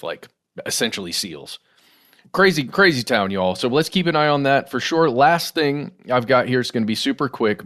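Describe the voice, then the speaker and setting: Middle-aged guy co-hosting a podcast, lowish voice, chatty, keeps saying guys and y'all. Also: fairly bright tone. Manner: conversational, addresses listeners as guys and y'all. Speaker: podcast co-host. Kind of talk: casual news discussion.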